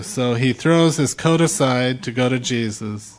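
Man, middle-aged, preacher, unhurried, mid-pitched, emphatic delivery. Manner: slow, emphatic preaching, rising loud when quoting shouts. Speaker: pastor. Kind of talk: sermon.

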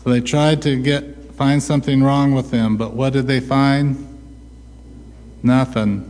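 A man preaching a sermon, asking rhetorical questions and answering them himself with a slow, deliberate delivery. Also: medium pitch, fairly even intonation, darkish tone. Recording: long hall reverb.

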